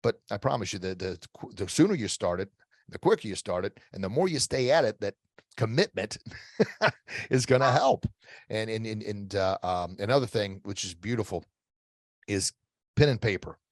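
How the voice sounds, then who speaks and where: A middle-aged man with a fairly low voice gives emphatic, motivational coaching as a guest in an interview. He repeats key phrases and often restarts his sentences. The sound is dry, with no room around it. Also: lively intonation, moderate pace, no room sound. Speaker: guest expert.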